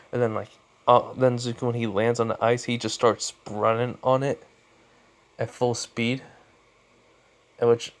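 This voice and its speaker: A young man casually telling a fan fiction story off the cuff, rambling with lots of fillers and restarts. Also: mid-range voice.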